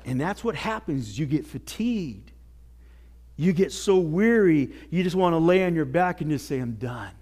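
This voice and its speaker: A male pastor preaching a sermon with earnest exhortation, dropping to near whispers and rising to shouts. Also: on the high side, animated, normal speed. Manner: swings from hushed to shouting.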